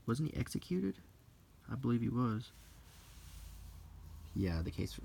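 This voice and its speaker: A man from the United States softly reading aloud from an old magazine and musing in asides, in a soft-spoken unintentional ASMR style. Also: mid-range voice, very animated, measured pace, vocal fry, long pauses, slightly rough. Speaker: host flipping through an old magazine.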